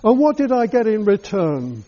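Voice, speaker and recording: A resentful grown son airs his bitterness, accusing and repetitive, as a male preacher puts him on. The voice is fairly high for a man and mellow, and the recording sounds dull and lo-fi. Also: big pitch swings, moderate pace. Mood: bitter. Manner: accusing, repeats his complaints.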